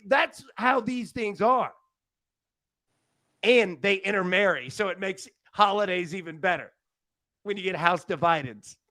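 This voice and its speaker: High, joking sports betting host. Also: male voice, no echo. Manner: energetic, joking, rambling. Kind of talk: casual sports betting chat.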